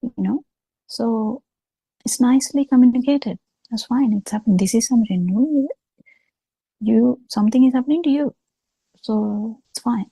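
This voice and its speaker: A woman giving a slow, halting dharma talk over a video call, pausing often as she explains. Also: a little high, warm tone, slightly rough, dry recording, rough recording. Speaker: Buddhist teacher.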